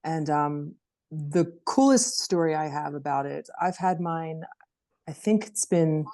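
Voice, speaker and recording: A middle-aged woman on a video call, telling a personal story in an animated way and acting out her child's words. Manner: animated storytelling, acts out her daughter in a high voice. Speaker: interview participant.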